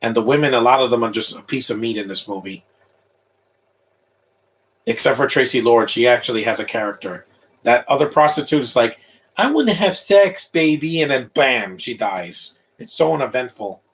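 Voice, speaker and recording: A man's voice: mid-range voice, normal speed, a bit bright, rough recording. A man in his thirties giving casual, opinionated live commentary over a movie, rambling with frequent restarts.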